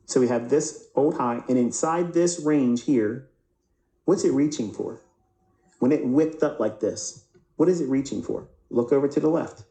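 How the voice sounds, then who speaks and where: A trading instructor gives a live lesson over price charts in a mellow, low-brightness voice at a moderate pace. He poses questions to himself and answers them, often repeating words and restarting mid-sentence. The room sounds echoey and spacious.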